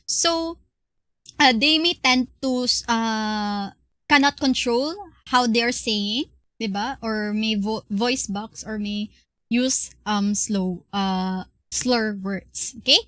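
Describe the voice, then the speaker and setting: Young woman, Filipino accent, class lecture, slow pace, dry sound, frequent um and uh. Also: a little high, pushed and bright, no echo. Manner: slow and explanatory, many fillers and restarts. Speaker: class presenter.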